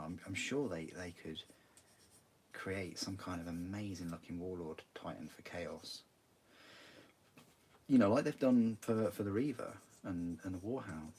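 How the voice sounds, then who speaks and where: Young northern English male hobby streamer, low gravelly-soft voice, chatty and meandering. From northern England. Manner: rambling, chatty, many restarts. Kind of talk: casual chat while building models.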